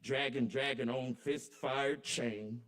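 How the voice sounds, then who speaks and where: Slow and steady in tone, a mid-range male voice recites spoken word poetry at an open mic in a kava bar. The performance has an incantatory rhythm that rises loud and falls soft.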